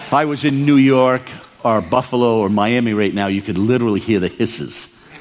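An older man from Maine preaching a storytelling sermon, animated and acting out the dialogue. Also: moderate pace, a little hiss or hum. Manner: animated, acts out dialogue with big pitch swings.

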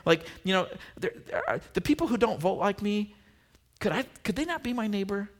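Reluctant male lawyer angling for loopholes, hesitant and fairly high-pitched, put on by a preacher in a sermon. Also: sing-song, a little fast. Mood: wheedling. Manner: hesitant, hedging with stammered restarts.

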